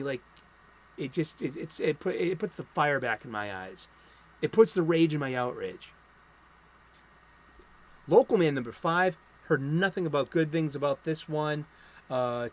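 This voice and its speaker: A man's voice: fairly high pitch, a little hiss or hum. A man hosting a casual comic book stream, rambling through new releases and breaking into profane, angry rants. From United States. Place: home studio.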